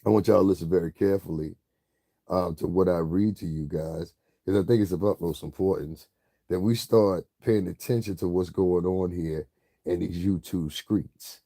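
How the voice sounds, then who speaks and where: A man with a deep, dark voice talks through his commentary in a loose, rambling way, circling back to the same tag phrase and breaking into laughter. The sound is dry and close. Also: fairly even intonation, moderate pace, vocal fry, dry recording. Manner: rambling, repeats "you know what I'm saying", laughs often. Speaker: commentary vlogger. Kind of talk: casual commentary.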